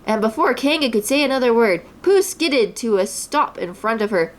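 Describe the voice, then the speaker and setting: A woman's voice: fairly high pitch, expressive, moderate pace. A woman reading a children's story aloud expressively, a mother voicing the characters.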